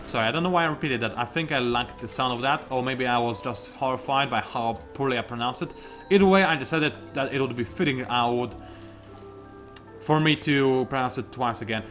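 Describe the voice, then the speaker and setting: A man's voice: mid-range voice, normal speed, a bit bright, soft background music. A young man giving casual, self-mocking commentary while playing a strategy game, with sudden outbursts at his opponents. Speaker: gaming YouTuber.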